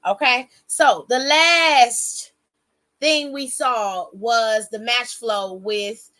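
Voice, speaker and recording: A woman recapping a wrestling show in a casual vlog, sounding bright and forceful. Her voice sits fairly high, and she talks in an animated way. She swears freely and keeps breaking off into quick side remarks. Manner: chatty, animated, swears freely, self-interrupting asides.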